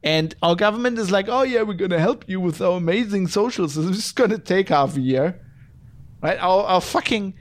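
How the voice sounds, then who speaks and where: A man's voice: fairly high pitch, vocal fry. A middle-aged man hosting a podcast, ranting in an exasperated, profane monologue. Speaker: podcast host.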